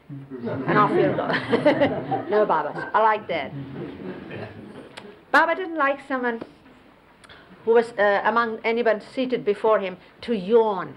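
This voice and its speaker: A middle-aged woman, reminiscing in an interview and explaining gestures in a halting way with many pauses. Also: medium pitch, expressive, noisy background. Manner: halting, with fillers and restarts, laughs now and then.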